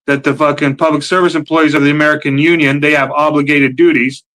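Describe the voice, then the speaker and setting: A man's voice: fairly high pitch, fairly bright tone, poor audio. A man speaking as a livestream guest, hesitant and full of fillers. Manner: hesitant, halting with many fillers. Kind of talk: casual chat.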